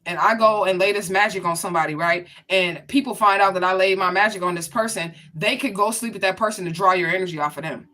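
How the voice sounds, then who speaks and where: A woman's voice: mid-range voice, fast talker, hardly any pauses, sharp tone. A woman giving a casual spiritual reading to her viewers, blunt and profane, talking straight to them. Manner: blunt, profane, chatty, addresses viewers directly. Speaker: spiritual reader.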